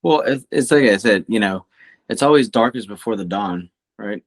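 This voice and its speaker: A man's voice: lowish voice, lively intonation, moderate pace. A man co-hosting a podcast, ranting emphatically in casual, profane chat. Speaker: podcast co-host.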